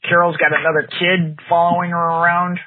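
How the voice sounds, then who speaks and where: A man's voice: sits high, fairly quick. Exasperated man ranting on a podcast. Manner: animated, exasperated ranting with playful voiced quotes. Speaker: podcast co-host. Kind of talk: casual chat about TV shows. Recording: tinny phone-like sound with faint noise.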